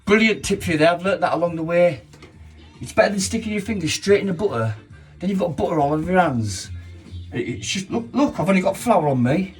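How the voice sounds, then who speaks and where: A man's voice: high-pitched, expressive, a little fast, soft background music. A man with a Yorkshire accent chatting and joking casually while baking in his home kitchen, swearing freely. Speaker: baking vlog host.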